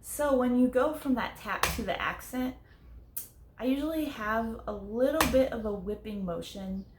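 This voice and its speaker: A woman's voice: on the high side, moderate pace, noisy background. Echoey woman teaching drums. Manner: clear, friendly step-by-step explaining, counting beats aloud. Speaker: drum teacher. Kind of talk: casual instructional explanation. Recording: echoey room with faint ambience.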